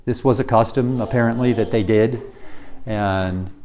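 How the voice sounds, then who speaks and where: A man's voice: on the low side, normal speed. A man teaching through a Bible passage in a conversational way, often restarting his sentences. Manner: animated, with restarts and varied loudness.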